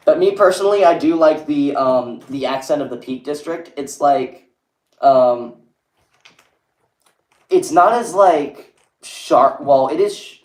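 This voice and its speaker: A man's voice: mid-range voice, darkish tone. A young man chatting casually on a livestream, rambling and reading viewers' messages aloud. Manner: rambling, reads chat aloud, lots of "like". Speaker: streamer. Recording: echoey room.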